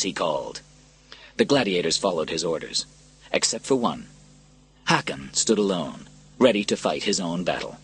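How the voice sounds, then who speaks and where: Male storybook narrator, low husky voice, very expressive pitch, dramatic reading.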